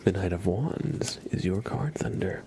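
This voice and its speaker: A man hosting a live ASMR stream from home, speaking softly and playfully into a close mic. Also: low voice, animated, measured pace, vocal fry, slight background noise. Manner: soft-spoken, chatty, playful. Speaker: ASMR livestream host. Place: at home with his cat.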